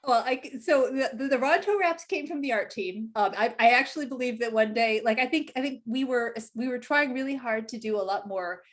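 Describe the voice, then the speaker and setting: A woman game producer chatting on a virtual panel, animated and full of restarts, heard over a video call. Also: a little high, brisk, hardly any pauses. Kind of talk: casual panel chat.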